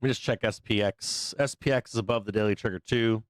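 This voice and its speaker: Hoarse man doing loose market commentary. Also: on the low side, quick pace, no room sound. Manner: loose, profane, rambling, filler-heavy. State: hoarse, losing his voice. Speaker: host of a live trading show. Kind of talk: casual live market commentary.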